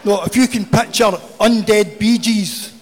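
A man's voice: sits high, measured pace. Man telling a swearing, funny recovery story in a hall. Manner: swearing, humorous, confessional. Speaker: recovery speaker. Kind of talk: storytelling share at a recovery meeting. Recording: hall with long reverb.

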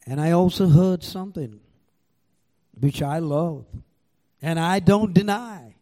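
A slow, mellow, slightly high male voice belongs to an older man with an Indian accent. At a recovery meeting he tells a live audience his own story, raw and profane.

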